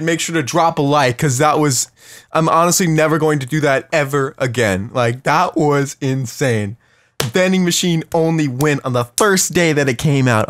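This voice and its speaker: A young man doing live gameplay commentary for his channel, excitable and talking straight to his viewers. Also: a little high. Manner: excitable, talks to viewers, shouts at wins. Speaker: gaming YouTuber.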